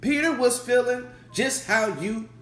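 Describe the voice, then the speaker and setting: A man preaching a sermon as pastor, animated, repeating his questions and acting out the voices of his listeners. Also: very high voice, measured pace. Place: church sanctuary. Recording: echoey church room with music.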